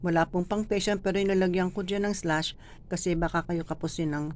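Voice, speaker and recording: A woman with a Filipino accent, teaching how to read scripture aloud, mixing Tagalog and English and reading sample passages with deliberate pauses. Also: on the low side, fairly even intonation, darkish tone, a little hiss or hum. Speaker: lector trainer. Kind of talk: instructional talk with reading demonstrations.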